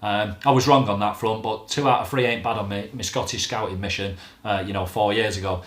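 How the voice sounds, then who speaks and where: A man's voice: lowish voice, fairly even intonation, fairly quick. Blunt, sweary man in an echoey room. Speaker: fan channel host. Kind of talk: casual football rant to camera.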